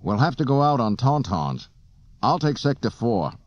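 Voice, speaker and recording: A man's voice: medium pitch, sing-song, normal speed, darkish tone, dry recording, muffled recording, pitched above the performer's own voice, lightly acted. A man voicing a brash, impatient male starship captain in an audiobook, speaking curtly. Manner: curt and snappish.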